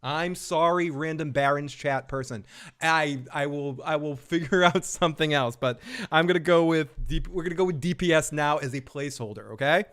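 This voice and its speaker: A man's voice: fairly high pitch, normal speed, a bit bright, clear, resonant tone. A man hosting a casual live recap show from home, rambling and joking with frequent chuckles. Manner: jokey, rambling, chuckles often. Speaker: host.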